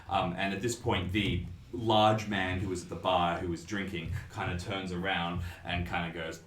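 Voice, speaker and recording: A man with a low, bright voice narrates a tabletop horror game as game master. He describes scenes in a relaxed, rambling way full of fillers. The sound carries a roomy echo. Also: normal speed.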